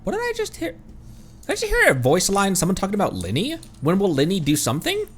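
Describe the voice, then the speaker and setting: A man's voice: high-pitched, wildly swooping pitch, fast talker, husky. A male streamer giving casual gameplay commentary, joking, laughing often and talking back at the game.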